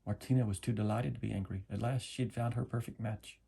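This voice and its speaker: A man reading a children's story aloud as a lesson, gentle and explaining. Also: fairly low pitch, fairly even intonation, fast, gravelly, husky. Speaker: reader.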